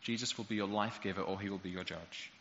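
A man's voice: sits low, fairly even intonation, fast talker, fairly bright tone. Guy preaching, punchy rhetorical delivery, big reverby hall sound. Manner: emphatic, rhetorical, builds to passionate peaks. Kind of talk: sermon. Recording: dull echoey hall recording.

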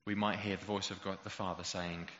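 A man's voice: low voice, flat delivery, a little fast, fairly bright tone, slight background noise. A man preaching a sermon, emphatic and rhetorical, building to passionate peaks. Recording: dull echoey hall recording.

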